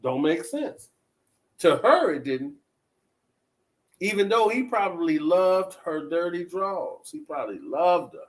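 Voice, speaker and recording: A man's voice: high voice, big pitch swings, a little slow, poor audio. A man hosting a talk show, chatting casually and putting questions to his listeners. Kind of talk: casual commentary.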